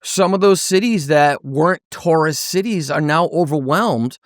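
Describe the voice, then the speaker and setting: A man's voice: fairly high pitch, moderate pace, no room sound, studio quality. A man from Rhode Island with a Northeastern American accent, co-hosting a casual podcast chat in a rambling way with plenty of fillers. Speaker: podcast co-host.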